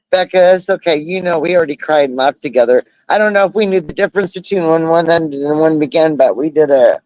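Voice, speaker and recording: A man's voice: fairly high pitch, brisk, darkish tone, no room sound, muffled recording. An older man from the United States hosting a live stream outdoors, talking in a heartfelt, rambling way, often laughing and saying y'all. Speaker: livestream host. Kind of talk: casual heartfelt livestream chat. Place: outdoors at a beach resort. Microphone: phone.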